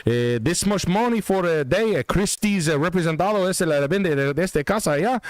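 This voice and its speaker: A raised, excitable voice of a Puerto Rican real-estate hustler, put on by a man with a thick put-on Puerto Rican Spanish accent. He hops between Spanish and broken English, hyping everything. The sound is dry and close. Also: sits high, a little fast, no echo, pitched above the performer's own voice. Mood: hyped.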